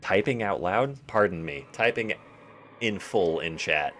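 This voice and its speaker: A man's voice: low-pitched, expressive, measured pace, a bit bright, soft background music. A young man streaming a game live, rambling and joking to himself and to his chat. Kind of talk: casual live-stream commentary.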